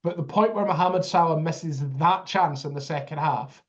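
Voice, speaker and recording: A sarcastic man co-hosting a football chat, fond of teasing jabs. His voice runs a little higher than most men's. The recording sounds a bit dull and lo-fi. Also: moderate pace. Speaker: podcast co-host.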